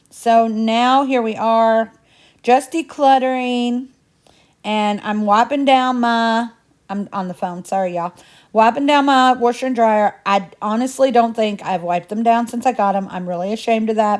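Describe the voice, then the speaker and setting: A woman's voice: a little high, moderate pace, darkish tone. A woman from Indiana with a Southern US twang that slips into a Midwestern accent, chatting casually and rambling as she narrates her cleaning vlog. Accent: Southern US twang mixed with Midwestern. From Indiana, USA. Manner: talkative, rambling, folksy. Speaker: home cleaning vlogger.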